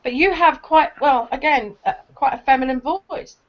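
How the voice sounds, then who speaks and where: A chatty woman on a casual stream, her voice sitting a little high. She laughs easily and trips over her own sentences. The audio is dull and lo-fi. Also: normal speed. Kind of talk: casual chat on a livestream.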